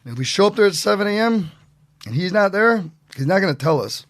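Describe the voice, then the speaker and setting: A man telling stories as a podcast guest in a casual, animated way, acting out what other people said. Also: high-pitched, brisk, dry recording, clean studio sound. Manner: animated, acts out quotes in voices. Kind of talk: casual storytelling.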